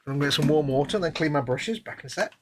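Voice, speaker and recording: A British man co-hosting a casual live stream, telling stories in a relaxed, amused way. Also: a little high, very fast, a little hiss or hum. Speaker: livestream co-host.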